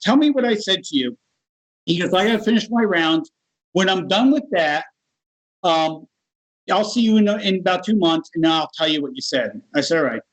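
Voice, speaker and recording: Animated storytelling man, fairly high voice. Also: normal speed, rough recording. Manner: animated, acts out other people's voices in his stories. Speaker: guest. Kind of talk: casual storytelling.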